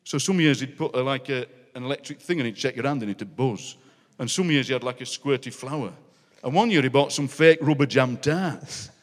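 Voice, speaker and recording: A man in his sixties with a Yorkshire accent, a guest poet telling comic stories on stage, animated and often laughing, with dialect phrases. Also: mid-range voice, a little fast. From Barnsley, Yorkshire. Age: 60s. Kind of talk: comic storytelling on a live podcast. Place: city hall stage with audience. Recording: long hall reverb.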